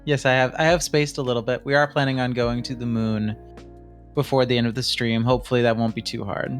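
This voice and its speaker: A man's voice: medium pitch, flat delivery, quick pace, faint music behind. A man streaming a space game, playing along as a deer astronaut and joking casually. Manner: goofy, joking, laughs often. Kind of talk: casual in-character gaming banter.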